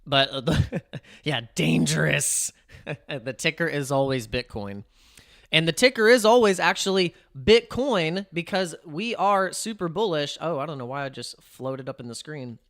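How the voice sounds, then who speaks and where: A man's voice: on the high side, animated, a little slow, a bit bright. A man chatting casually on a crypto live stream, rambling and cutting himself off, laughing often.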